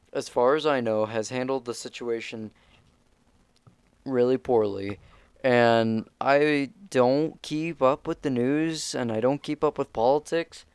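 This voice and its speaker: A young man ranting casually to camera, with halting speech full of restarts and swearing. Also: mid-range voice, smooth, dry recording. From United States. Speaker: vlogger.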